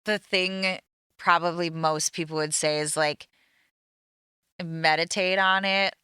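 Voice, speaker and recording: A woman co-hosts a casual podcast recap in a bright, crisp, fairly low voice. She is blunt and sarcastic and swears without hesitation. The sound is close and dry. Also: steady tone, slow pace, no echo. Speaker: podcast co-host. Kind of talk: casual reality-TV recap chat.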